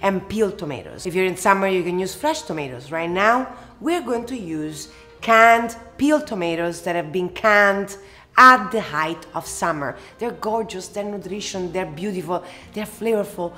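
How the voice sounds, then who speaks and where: A woman from Italy with an Italian accent, hosting a casual cooking tutorial and answering questions in an expressive, emphatic way. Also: medium pitch, moderate pace, soft background music. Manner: expressive and emphatic, lingers on words. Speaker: cooking show host.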